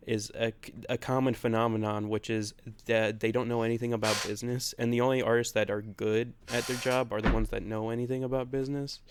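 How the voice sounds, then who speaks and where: A podcast co-host chats casually in a medium-pitched voice, rambling a bit, laughing often, and swearing loosely. He's recorded on his own separate mic, and the background is noisy.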